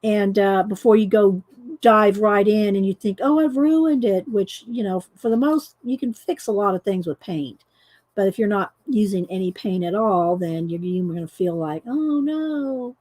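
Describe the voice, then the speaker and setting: A woman's voice: mid-range voice, fairly even intonation, moderate pace, a little mellow. A middle-aged woman, hosting a casual coloring livestream, chatty and laughing often as she greets viewers. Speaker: livestream host demonstrating coloring.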